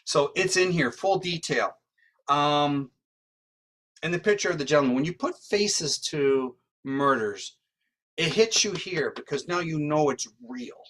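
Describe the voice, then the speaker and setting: At a measured pace and a fairly high pitch, a male psychic medium and criminal profiler recounts a story as an interview guest. He's animated throughout and keeps finishing lines with "right?"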